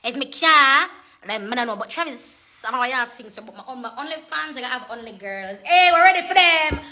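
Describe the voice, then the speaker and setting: Bright-voiced woman. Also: a little high, a little fast, slight background noise. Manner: chatty, switches into patois, laughs often. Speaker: social media personality. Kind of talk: casual livestream chat. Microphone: phone.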